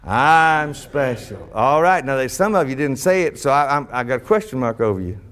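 A middle-aged man preaching a sermon, folksy and animated, breaking into shouted bursts. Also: mid-range voice, fast.

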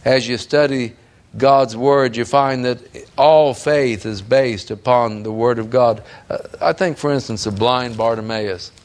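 A male preacher delivering a sermon with a smooth, resonant voice at a middling pitch. He preaches fervently and with emphasis, building intensity as he drives his points home. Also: unhurried.

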